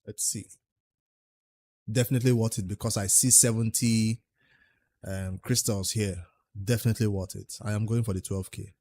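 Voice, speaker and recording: A man's voice: on the low side, fairly even intonation, normal speed, long pauses, dark tone, no room sound. A man with a Nigerian accent livestreaming a game, chatting casually, answering viewers' questions and muttering about his progress. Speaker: game streamer.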